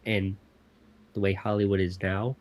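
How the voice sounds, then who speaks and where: A young man co-hosting a casual podcast chat, laid-back and making short, measured remarks. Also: low voice, level tone, darkish tone. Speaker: podcast co-host.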